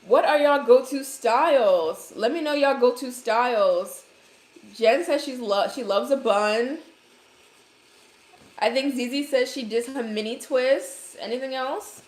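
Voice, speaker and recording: A woman's voice: sits high, measured pace, reverberant. A woman from Brooklyn, New York, with a Brooklyn accent, chatting casually to livestream viewers and answering their comments with hair care advice.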